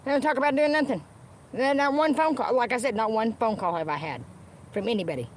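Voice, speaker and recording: A woman's voice: on the high side, fast talker. A woman livestreaming from inside her car, ranting angrily and with lots of swearing at the people she is talking about. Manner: angry, profane ranting with repeated phrases. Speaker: livestreamer chatting with viewers. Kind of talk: unscripted livestream rant. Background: faint background noise, dogs nearby.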